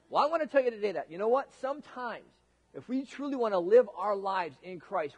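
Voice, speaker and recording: A man's voice: high voice, expressive, brisk, husky, in a large hall. A male pastor preaching a casual, joking sermon, talking conversationally with frequent restarts.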